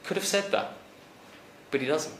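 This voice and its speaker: A man preaching a conversational sermon, animated, rising to emphatic peaks and then dropping quiet. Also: a little high, moderate pace, slight background noise. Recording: echoey church hall recording.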